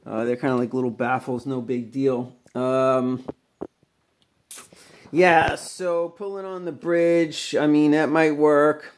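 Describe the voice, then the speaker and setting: A man's voice: a little high, flat delivery, slow pace, slight background noise. Rambling man talking guitar repair. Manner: rambling, with many fillers and laughs. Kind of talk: casual workshop vlog.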